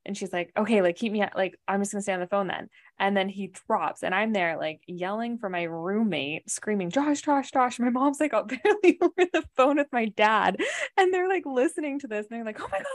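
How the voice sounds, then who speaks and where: A Canadian woman co-hosting a podcast tells a rambling story in casual chat, full of "like" and "right?" She speaks briskly in a medium-pitched voice.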